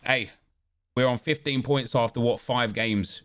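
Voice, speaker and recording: A man's voice: medium pitch, fairly even intonation, measured pace, fairly bright tone. A man hosting a gaming video, commentating live on his own play in an exasperated way, repeating himself and swearing.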